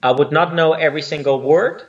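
Man, mixed spanish-dutch accent, guest on a video call, fillers and pauses, distant muffled lo-fi sound. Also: a little high, steady tone. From Spain. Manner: searching for words with many fillers. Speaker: guest choreographer. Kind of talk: casual interview chat.

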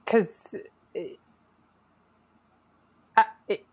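A woman's voice: extremely slow, a little mellow. A woman co-hosting a podcast in casual chat, thinking aloud and searching for her words. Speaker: podcast co-host.

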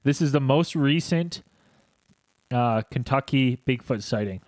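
A man's voice: medium pitch, lively intonation, measured pace, darkish tone, dry recording. A young man co-hosting a casual podcast, joking and reading a report aloud. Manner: jokey, hams up animal noises. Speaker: podcast co-host.

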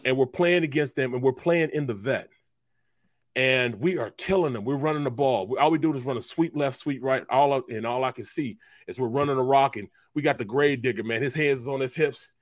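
A man's voice: mid-range voice, fairly quick, no room sound, studio quality. A middle-aged man, a former pro football player, co-hosting a sports talk show with emphatic, slangy storytelling.

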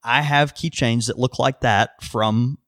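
A man co-hosting a podcast, telling stories in a relaxed, self-mocking way. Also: mid-range voice, a little slow, dry recording, clean studio sound. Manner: laid-back, self-mocking storyteller. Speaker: podcast co-host. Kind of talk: casual chat.

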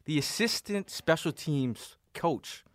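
A man co-hosting a casual sports podcast, talking with animated enthusiasm and casual swearing. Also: a little high, slow pace, dry recording.

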